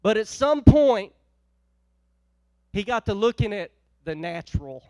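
A male pastor preaching a sermon, telling a folksy story and swinging from loud exhortation to quiet, chatty asides. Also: high-pitched, sing-song, measured pace, no room sound. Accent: Northeast Ohio.

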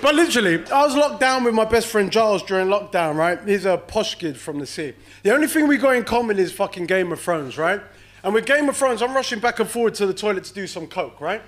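A man's voice: high voice, animated, fast talker, a bit bright. A man doing a brash, profane stand-up set and teasing the crowd in a comedy club.

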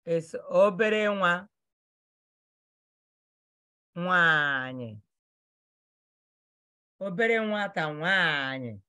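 A woman teaching vocabulary, drilling each word slowly and repeating it for pronunciation. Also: on the low side, pushed and bright. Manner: slow, repetitive drilling of words for pronunciation. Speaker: language teacher. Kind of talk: vocabulary lesson.

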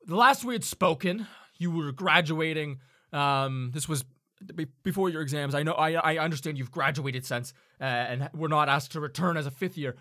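A man voicing a formal, persuasive male tiefling mage who speaks haltingly but insists. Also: fairly high pitch, bright, forceful tone.

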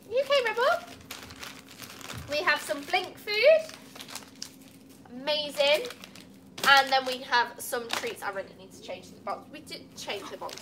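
A woman's voice: high-pitched, background noise. A woman opening gifts at a cat cafe, chatting casually and cooing at the cats. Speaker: cat cafe staff member.

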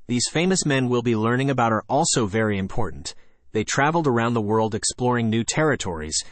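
A man voicing a calm, firm schoolteacher who speaks in a measured, matter-of-fact way. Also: mid-range voice, dry recording, close to an everyday voice. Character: calm, firm middle-aged woman teacher. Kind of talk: audiobook character voice.

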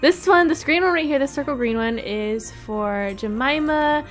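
Giggly high-pitched woman. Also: moderate pace, faint music behind. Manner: giggly, excitable, with squealing high laughs and shouts. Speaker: roleplay host playing the mother. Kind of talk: playing a family roleplay game.

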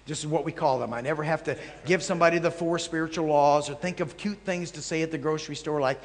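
A man preaching to a live audience in a large hall, his voice ringing with a long reverb. He is a traveling Bible teacher who spins animated, anecdote-driven stories. He throws in jokey asides to the crowd, and his voice sits a little high for a man. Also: quick pace, hardly any pauses. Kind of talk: storytelling sermon.

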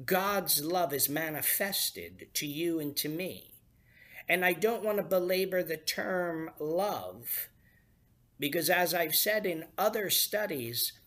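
A man's voice: a little high, fairly bright tone. A man preaching a sermon in a somewhat raised voice. He takes his time and draws out the key words for emphasis, reading scripture and then explaining it plainly. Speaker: pastor.

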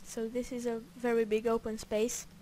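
A woman's voice: on the high side, completely flat delivery, normal speed, dark tone, slight background noise. A woman giving casual gameplay commentary in a playful, rambling way, with joking asides to herself. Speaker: gameplay narrator.

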